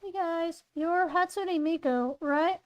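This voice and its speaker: A woman's voice: very high-pitched, slow, muffled recording. A woman voicing a casual teen girl who speaks in an offhand, hesitant way.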